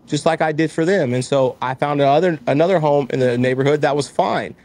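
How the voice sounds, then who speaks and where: A man's voice: fairly high pitch, brisk, no room sound. A man in his thirties, a business owner being interviewed, talking candidly and acting out the voices of people in his stories. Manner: candid, animated storytelling, acts out quoted voices. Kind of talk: casual conversational interview.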